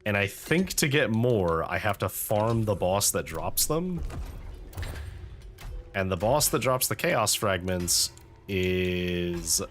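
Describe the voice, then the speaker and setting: Low-voiced man narrating his gameplay. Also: slow pace, soft background music. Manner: relaxed thinking aloud, wry asides. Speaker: let's-play host. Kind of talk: casual gameplay commentary.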